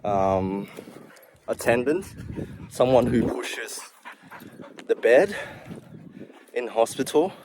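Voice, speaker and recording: A man's voice: medium pitch, very animated, slow, long pauses, noisy background. Breathless, rambling young man vlogging. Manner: rambling, confessional, chatty with asides. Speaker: vlogger, healthcare worker. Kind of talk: casual talking-to-camera vlog.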